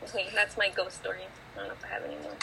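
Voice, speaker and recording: A woman's voice: fairly low pitch, wildly swooping pitch, rapid-fire, gravelly, sharp tone, slight background noise, poor audio. A teenage girl hosting her podcast, telling a story in a rambling way, filling it with "like". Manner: rambling, filler-heavy storytelling full of "like". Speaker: podcast host. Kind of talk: casual chat, storytelling.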